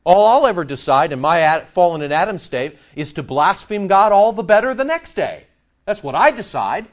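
Animated high-voiced male preacher, lo-fi. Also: moderate pace. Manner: animated, sarcastic preaching with rhetorical questions. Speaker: pastor. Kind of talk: sermon.

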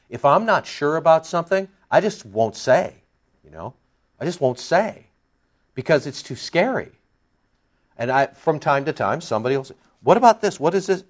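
Older male pastor, lively conversational sermon, muffled lo-fi recording. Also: medium pitch. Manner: animated, conversational preaching with frequent restarts.

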